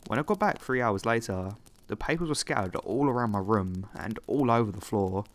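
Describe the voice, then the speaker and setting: A man giving scripted narration of horror stories, reading in a calm, steady way. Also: lowish voice, fairly quick.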